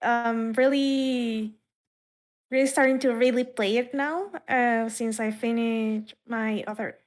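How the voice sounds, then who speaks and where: A woman's voice: a little high, steady tone, takes it slowly. A woman hosting a podcast in casual chat, rambling along with frequent fillers and laughs. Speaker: podcast host.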